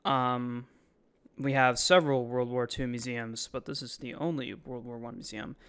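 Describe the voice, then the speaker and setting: A man's voice: medium pitch, steady tone, normal speed, fairly bright tone, smooth. A man giving casual, rambling voice-over commentary on his own video, full of ums and likes. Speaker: vlogger. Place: voice-over, not recorded in the museum.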